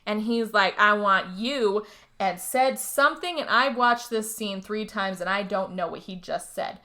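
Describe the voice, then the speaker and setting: Young woman podcast co-host, bright and forceful voice; lively, profane movie recap with acted-out lines. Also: mid-range voice, normal speed. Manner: animated storytelling, swearing, acts out character lines. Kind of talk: casual chat.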